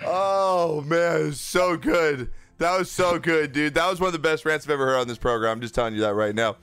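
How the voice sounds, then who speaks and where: A man hosting a live sports show, excitable and laughing a lot, hamming up a sponsor read. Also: on the high side, brisk, smooth, no echo, faint music behind. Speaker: host.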